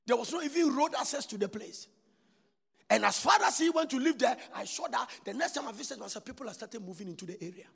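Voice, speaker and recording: A Ghanaian-accented male preacher with a high, gravelly voice, leaning hard on his words, then dropping to a near-whisper. His husky delivery rings out in a large church hall with a long, trailing reverb. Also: expressive, fast. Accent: Ghanaian English. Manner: emphatic, swinging from shouts to hushed asides. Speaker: prophet preaching to a congregation. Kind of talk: sermon.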